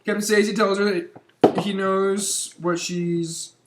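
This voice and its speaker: A man's voice: sits high, flat delivery, takes it slowly, very noisy. A young man co-hosting a casual podcast, reading a script aloud and teasing his friend with crude jokes. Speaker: podcast co-host.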